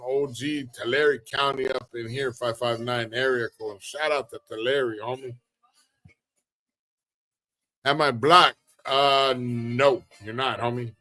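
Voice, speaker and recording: A relaxed man runs a casual livestream, answering chat in a laid-back drawl packed with street slang. His voice sits at an ordinary middle pitch and stays easygoing throughout. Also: slow pace. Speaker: livestream host reading chat.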